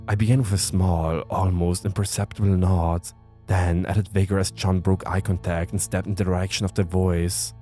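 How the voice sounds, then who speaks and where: Deep, dark-voiced man narrating horror. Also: little pitch movement, moderate pace. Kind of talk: scripted first-person narration. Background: soft music.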